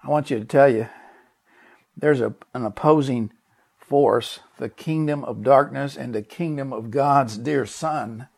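A man's voice: mid-range voice, a little slow, vocal fry, darkish tone. A man preaching a sermon and telling a personal story in an earnest, emphatic way, often repeating words and asking his listeners direct questions.

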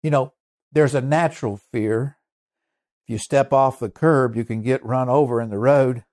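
A male preacher telling a testimony in a sermon, earnest and emphatic, slowing down to stress key points. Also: medium pitch, a little mellow. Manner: earnest, emphatic storyteller with shifting pace.

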